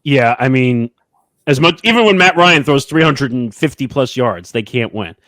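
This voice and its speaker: A man co-hosting a podcast, announcing each matchup in a drawn-out way and chatting casually about picks. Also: mid-range voice, animated, a bit bright, dry recording. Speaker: podcast co-host. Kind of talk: casual sports chat.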